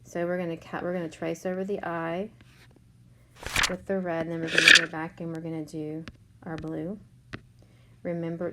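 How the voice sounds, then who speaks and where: Woman teacher, low-pitched, patient and slow, noisy recording. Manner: slow, patient, sounds out letters. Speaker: third grade teacher. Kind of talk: remote spelling lesson.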